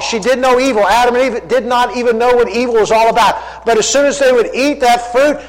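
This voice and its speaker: High-voiced preacher in a reverberant hall. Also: male voice. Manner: emphatic, firing rhetorical questions. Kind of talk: sermon.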